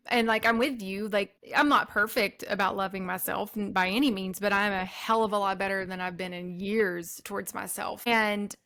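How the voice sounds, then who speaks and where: A woman's voice: mid-range voice, fairly bright tone. Woman cohost on a chill podcast, mid voice, says like and um a lot, super agreeable. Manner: chatty, many likes and ums, agreeable. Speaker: podcast co-host. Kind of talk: casual conversational podcast.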